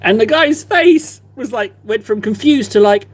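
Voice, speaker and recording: A man's voice: high-pitched, animated, a little slow, breathy edge. A man in his thirties chatting casually on a live stream while he paints, rambling and self-deprecating.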